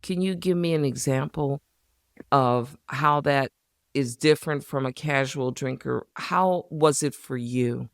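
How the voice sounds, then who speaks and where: Smooth-voiced measured interviewer. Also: medium pitch, no room sound, clean studio sound. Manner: measured, prompting questions. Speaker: interviewer and host. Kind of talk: gentle interview questions.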